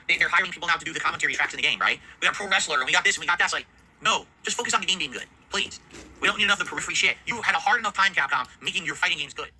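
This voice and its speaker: A man's voice: on the high side, expressive, racing, pushed and bright, slight background noise, low-quality recording. A man streaming from his home setup, ranting angrily, swearing heavily and sounding exasperated. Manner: heavily profane, exasperated, rants. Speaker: video game streamer. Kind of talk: angry ranting commentary.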